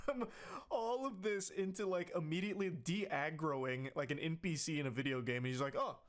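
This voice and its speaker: Male commentator, notably high voice, sarcastic and incredulous delivery. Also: normal speed. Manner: dry, incredulous, mocking. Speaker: online commentator.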